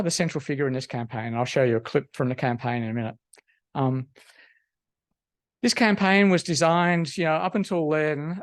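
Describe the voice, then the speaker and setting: A man giving a university lecture, halting and full of ums. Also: mid-range voice. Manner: halting, lots of ums and restarts. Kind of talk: academic lecture.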